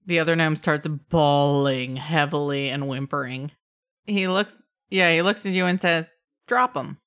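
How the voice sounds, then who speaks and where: A woman runs a tabletop game as game master, narrating at a brisk clip and laughing easily. Her voice sits fairly low. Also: a bit bright, smooth.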